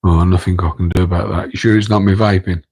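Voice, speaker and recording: Low, flat-voiced Midlands man. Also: quick pace, breathy edge, rough recording. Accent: English Midlands. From English Midlands. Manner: rambling, self-deprecating, chatting to viewers in chat; keeping his voice down so as not to wake his partner. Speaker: live stream host. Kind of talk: casual late-night live stream chat. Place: home, room next to an aquarium tank. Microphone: microphone on a tripod.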